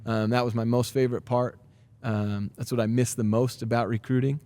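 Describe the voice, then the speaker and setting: A man in his thirties, a high school basketball coach, talking in a podcast interview in an earnest, energetic way with many fillers and restarts. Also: a little fast, no room sound.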